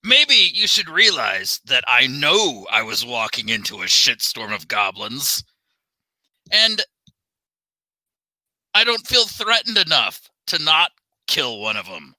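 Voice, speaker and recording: A man's voice: medium pitch, very animated, slow, long pauses, sharp tone, no echo, poor audio. A man playing a tabletop game, talking in a cocky, playful way. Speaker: player. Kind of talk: tabletop role-play banter.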